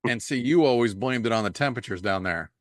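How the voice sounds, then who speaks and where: A man hosts a casual podcast, ribbing his guest with easygoing banter and the odd curse. His voice sits at a middling pitch, recorded dry and close with no room sound. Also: lively intonation, fast, no room sound. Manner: teasing, profane, friendly banter. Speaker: podcast host.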